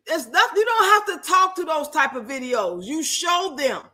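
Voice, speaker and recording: Bright-voiced woman streamer, blunt and salty. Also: high voice, expressive, normal speed, hardly any pauses. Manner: blunt, salty, laughing commentary with slang. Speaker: livestreamer reacting to videos and reading chat. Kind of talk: casual live stream chat.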